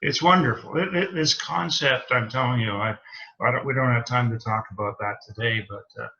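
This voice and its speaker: A man's voice: mid-range voice, a little fast, bright, forceful tone. A man hosting an interview as a reverend, enthusiastic and affirming, often agreeing with his guest and praising what he hears. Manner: enthusiastic, affirming, frequent backchannels. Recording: dull, lo-fi audio.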